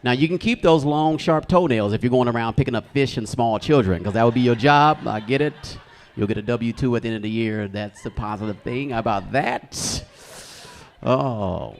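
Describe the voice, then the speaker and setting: A young man from the United States performing a stand-up comedy set in a club, telling stories loudly and shouting his acted quotes. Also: mid-range voice, normal speed, creaky, a little hiss or hum. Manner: animated, loud storytelling with shouted acted quotes. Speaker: stand-up comic. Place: comedy club stage with a live audience.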